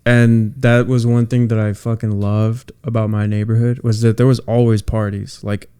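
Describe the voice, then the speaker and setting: A man co-hosting a podcast in casual chat, talking in a relaxed, reflective way with many fillers. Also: lowish voice, normal speed, clear, resonant tone. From Southern California. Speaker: podcast co-host.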